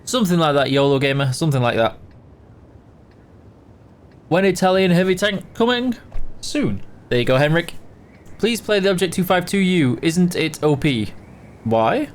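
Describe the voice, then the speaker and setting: Guy streaming a game, sleepy and yawny, chatty, reads out chat names, kinda high voice. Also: expressive, normal speed, long pauses, a little hiss or hum. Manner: greets viewers by name, chatty and easygoing. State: tired and yawning. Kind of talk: casual live gameplay stream.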